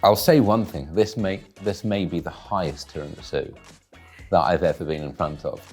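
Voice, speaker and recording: A man giving deadpan, dry, wordy commentary while tasting food in a studio. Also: low voice, normal speed, breathy edge, faint music behind. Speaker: guest taste-testing food.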